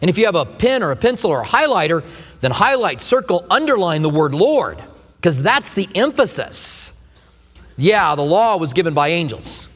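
A middle-aged man preaching a sermon, telling stories with humor in an animated way. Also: sits high, normal speed. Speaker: pastor. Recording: long hall reverb.

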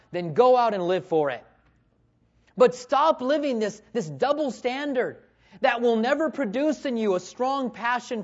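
A man in his forties preaching a sermon with passion, swinging between loud calls and hushed asides. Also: sits high, lo-fi sound. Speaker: pastor.

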